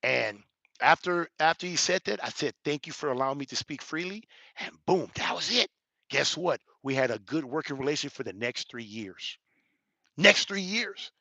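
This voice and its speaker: A man in his forties, an elder, telling a personal story with emphatic rhetorical questions and building toward near shouting. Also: on the high side, expressive, moderate pace, dry recording. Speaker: elder giving a reaction commentary. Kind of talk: animated personal storytelling commentary.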